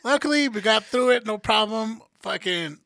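A man's voice: sits high, normal speed, gravelly, no echo. A man co-hosting a podcast, telling a story in casual, profane chat and acting out what people said. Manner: animated, profane, acts out quotes. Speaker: podcast co-host.

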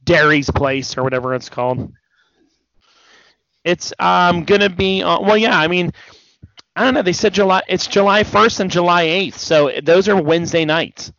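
A man's voice: sits high, moderate pace, vocal fry, fairly bright tone, no room sound. A man co-hosting a casual wrestling podcast, rambling and hesitant with many restarts, a bit tired. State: yawning, tired. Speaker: podcast co-host. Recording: dull dry podcast audio.

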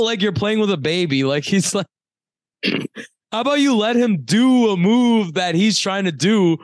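A man's voice: high-pitched, dry recording, clean studio sound. A man co-hosting a podcast, telling stories in casual chat, swearing and laughing often. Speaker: podcast co-host.

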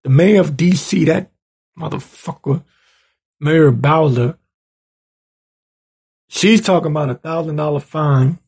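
A man hosts his own show, his gravelly, husky voice sitting on the high side with a slightly mellow tone. He talks a little slowly and pauses often, delivering an angry, profane political rant that keeps building into heated outbursts.

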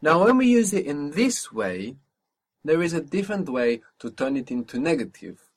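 A man's voice: a little high, big pitch swings, moderate pace. A man teaching a spoken language lesson, patiently asking for phrases, repeating each answer back and explaining pronunciation.

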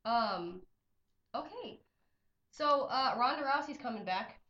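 Hoarse woman podcast host teasing. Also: on the high side, expressive, takes it slowly, sharp tone, reverberant, muffled recording. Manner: teasing, blunt banter. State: hoarse from a cold. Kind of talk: casual chat. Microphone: close to the mic.

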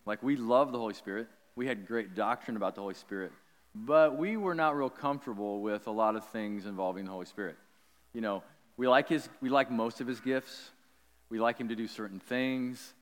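A man preaching a sermon, telling a personal story in an animated, chatty way with lots of likes and ums. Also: medium pitch, a little fast, long reverb tail. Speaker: pastor.

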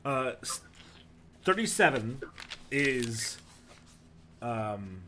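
A man's voice: mid-range voice, very slow, a little hiss or hum. Man, game master, narrating a tabletop game, laid-back, rambling with fillers. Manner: relaxed, rambling descriptions with fillers.

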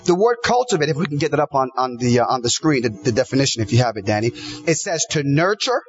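A man's voice: mid-range voice, very animated, fast talker, dull audio. A man preaching a sermon, emphatic, piling up repeated phrases and quoting scripture. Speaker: pastor.

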